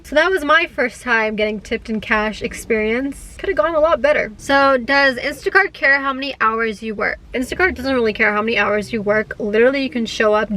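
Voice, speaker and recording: A woman's voice: fairly high pitch, rough recording. A young woman, chatting casually to camera as a vlogger and filling her talk with "like" while telling stories with animation. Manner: chatty, heavy use of "like" fillers; animated storyteller. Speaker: gig-work vlogger.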